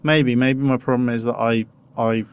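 A man hosting a casual podcast, rambling with halting restarts and self-deprecating asides. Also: medium pitch, fairly even intonation, smooth. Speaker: podcast host.

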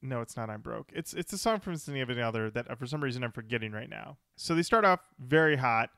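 A man's voice: mid-range voice, animated, fast talker, a bit bright, dry recording, clean studio sound. A man co-hosting a podcast, talking through his thoughts in a rambling way and correcting himself as he goes. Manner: rambling, thinks aloud with self-corrections. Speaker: podcast co-host. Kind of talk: casual chat about music.

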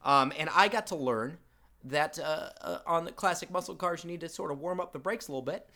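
A man casually telling a story to friends on a podcast, loud and animated, swearing freely. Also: fairly high pitch, fairly quick. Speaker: podcast co-host.

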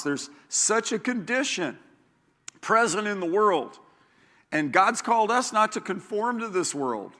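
A man's voice: high-pitched, sharp tone. A man preaching a sermon as pastor, repeating key lines and telling stories with a laugh.

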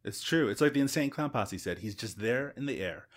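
A man's voice: medium pitch, animated, brisk. A man from Newfoundland hosting a podcast, teasing his co-host with dry humor in casual chat.

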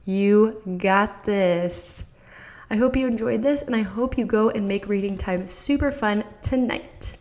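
A woman's voice: fairly high pitch, normal speed, few pauses, a little mellow. Upbeat woman hosting an advice podcast. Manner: enthusiastic and encouraging, speaks straight to listeners. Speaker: podcast host.

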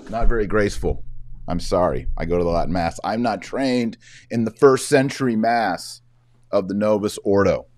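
A man's voice: lowish voice, normal speed, a little mellow. A man from Texas, hosting a casual show and commenting on video clips in a chatty, joking way. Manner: chatty, joking, with fillers and asides. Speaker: host.

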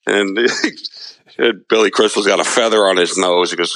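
A man with a very low, gravelly voice co-hosts a podcast in casual conversation. He rambles through stories and laughs often. The sound is close and dry. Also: a little slow, fairly bright tone, dry recording, low-quality recording. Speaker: podcast co-host. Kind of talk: casual chat.

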